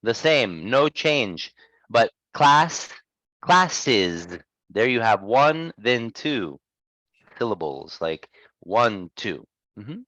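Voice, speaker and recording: A man teaching pronunciation one-on-one, patiently modelling words and gently correcting his student. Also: mid-range voice, sing-song, drawn-out words, no echo, lo-fi sound. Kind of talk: one-on-one lesson.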